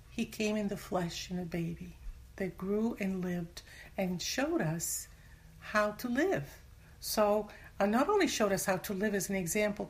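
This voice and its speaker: A woman giving a casual Bible teaching in conversation, earnest, sometimes dropping to a whisper for emphasis. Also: mid-range voice. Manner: acts out everyday voices when quoting. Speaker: Christian teacher.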